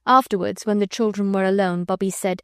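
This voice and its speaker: Lady reading a kids' classic out loud, gentle storybook tone, dead dry sound. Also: mid-range voice, steady tone, fairly quick, smooth, dry recording. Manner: gentle storytelling, voicing children and adults lightly. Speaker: audiobook narrator. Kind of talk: scripted narration.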